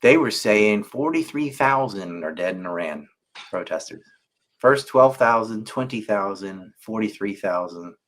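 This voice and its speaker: A man hosting a casual podcast conversation, talking in an animated way and laughing as he tells jokes. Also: lowish voice, unhurried. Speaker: podcast host.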